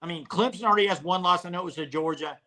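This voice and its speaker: A man hosting a live sports talk show, relaxed and conversational, speaking to the chat. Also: high-pitched, very fast. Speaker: host.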